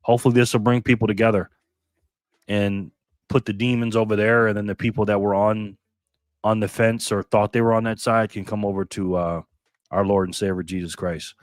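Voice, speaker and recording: A man's voice: on the low side, flat delivery, a little fast, no echo, clean studio sound. A man hosting a casual live stream, talking in a rambling way and greeting chat viewers by name.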